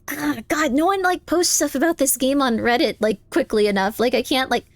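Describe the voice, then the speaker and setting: A high-pitched woman streamer chatting while she games, playful and teasing, repeating her denials again and again. She jumps into squeaky protests now and then. Her voice sits on a close mic in a dry, dead-sounding space. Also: moderate pace, no room sound. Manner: playful, teasing, insistent, repeats phrases over and over. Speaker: live streamer. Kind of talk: casual live-stream chat while gaming.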